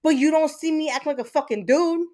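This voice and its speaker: A woman with a high voice hosts her own livestream. She talks straight to her viewers in an angry, blunt rant and swears freely. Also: fast talker, dark tone. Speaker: livestream host.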